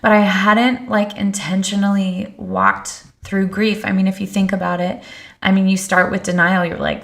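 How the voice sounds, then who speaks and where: A woman's voice: medium pitch, level tone, moderate pace, fairly bright tone. A middle-aged woman speaking as a podcast guest, telling personal stories in an earnest, reflective way. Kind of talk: candid conversation.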